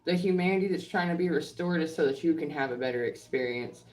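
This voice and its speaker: A woman's voice: deep voice, fast, darkish tone. A woman speaking in a heated, profane monologue, blunt and confrontational, hammering her points home with repetition. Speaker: online creator and healthcare professional. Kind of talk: heated monologue answering trolls.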